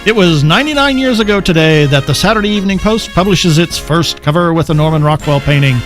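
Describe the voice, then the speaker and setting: A man's voice: fairly high pitch, animated, fast, a bit bright, faint music behind. A man co-hosting a casual podcast chat, easygoing and often laughing. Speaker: podcast co-host.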